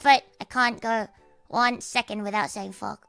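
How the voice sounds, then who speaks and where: Sweary Australian girl streamer, bright voice. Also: fairly even intonation, unhurried, gravelly, smooth, faint music behind. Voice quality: high, cute anime-like voice. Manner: sweary, rambling, laughs often. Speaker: livestreamer. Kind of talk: casual livestream chat.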